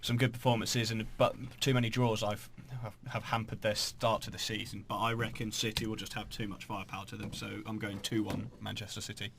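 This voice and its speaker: A man's voice: on the low side, flat delivery, brisk, gravelly, hardly any pauses, fairly bright tone, slight background noise. A man chatting about football on a podcast, with dry, teasing remarks. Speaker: podcast co-host. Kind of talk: casual football chat.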